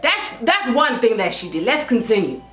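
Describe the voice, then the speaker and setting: A woman's voice: on the high side, very animated, normal speed, a bit bright. Young woman, sassy storytelling, roomy echo, faint music. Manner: sassy, dramatic, acts out quotes. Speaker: vlogger telling a story. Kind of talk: animated storytime.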